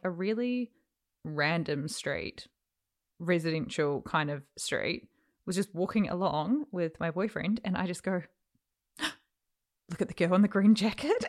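A woman, co-hosting a casual chat and telling stories with animated energy and laughter. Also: fairly low pitch. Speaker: podcast co-host.

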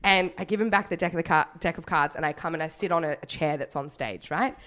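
A woman telling a story in casual chat, animated and laughing, swearing freely. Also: deep voice, fast talker.

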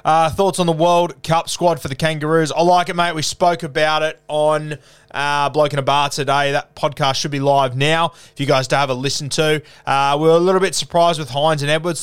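A man's voice: fairly high pitch, clear, resonant tone. A young Australian man hosting a casual live Q&A, laid-back and chatty, calling everyone mate. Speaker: podcast host.

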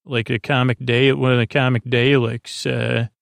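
A man casually recapping a story as a podcast host, halting and rambling with many filler sounds. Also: medium pitch, level tone, gravelly, dry recording, studio quality.

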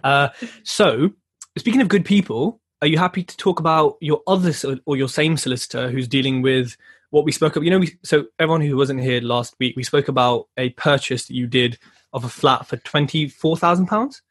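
A man co-hosting a podcast, asking his partner lively questions. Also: medium pitch, fairly quick, breathy edge. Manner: upbeat, prompting questions. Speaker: podcast co-host. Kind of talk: casual podcast chat.

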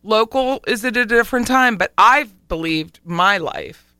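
A chatty woman talk-radio host with a Philadelphia accent, her voice very bright, smooth and clear. She leans hard on single words for punch. The studio sound is dry, with soft music underneath. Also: on the high side, lively intonation, unhurried, dry recording. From Philadelphia area. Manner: chatty, emphatic, repeats one word for punch. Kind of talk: casual radio talk show chat. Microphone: studio microphone, also streamed live online.

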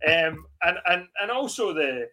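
Bright-voiced man chatting football. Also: on the high side, sing-song, slight background noise. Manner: laughs often, talks in quick bursts. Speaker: podcast host. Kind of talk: casual football chat.

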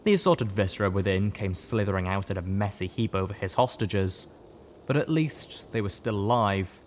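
A man giving a first-person audiobook narration with steady storytelling. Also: fairly low pitch, moderate pace, background noise.

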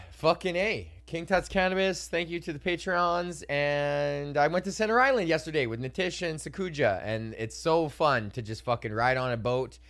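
A man's voice: medium pitch, fairly bright tone. A young man hosting a casual solo podcast, ranting, swearing freely and laughing as he acts out customers in voices. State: hiccuping. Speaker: podcast host and comedian.

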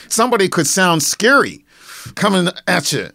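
A man with a Nova Scotian accent, a poet speaking in a radio studio interview who savors words and recites his verse slowly and dramatically. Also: on the high side, a bit bright, no room sound. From Nova Scotia, Canada. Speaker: poet and guest. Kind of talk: interview answers and recited poetry. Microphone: studio microphone.

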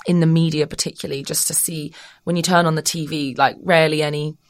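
British woman guest, chatty and lively, lots of laughter, lowish voice. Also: fast. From Britain. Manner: animated, laughs often, jumps into playful voices. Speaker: model and guest. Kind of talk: casual interview chat.

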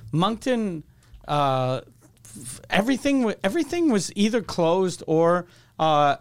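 A man co-hosts a comedy podcast, chatting casually and trading dry one-liners. His voice is smooth and clear, and it sits slightly high. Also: sing-song, measured pace.

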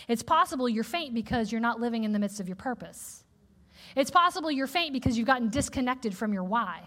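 A woman preaching a sermon in a lively, conversational way, acting out little quoted voices as she speaks to the congregation. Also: a little high. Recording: long reverb of a large hall.

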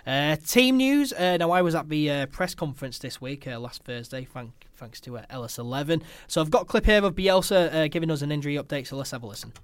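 Host, man, mid-pitched, halting delivery full of "uh"s, dry close sound. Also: expressive, clean tone, dry recording. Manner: hesitant, many filler "uh"s. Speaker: podcast host. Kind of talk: football fan podcast chat.

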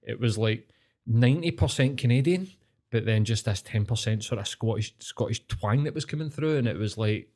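Sweary Glaswegian podcast co-host. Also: male voice, medium pitch, moderate pace, darkish tone. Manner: sweary, anecdotal storytelling. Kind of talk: casual chat.

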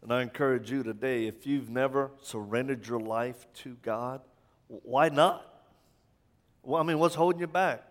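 Impassioned preacher in a reverberant church. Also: male voice, mid-range voice, moderate pace. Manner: impassioned with rhetorical questions and stammered restarts. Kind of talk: sermon. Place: church sanctuary. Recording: long church hall reverb.

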